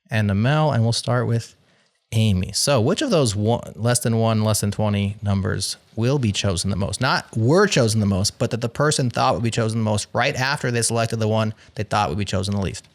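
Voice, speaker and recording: A man's voice: on the low side, normal speed. A man hosting a podcast game show, reading out survey results in a playful, wry way.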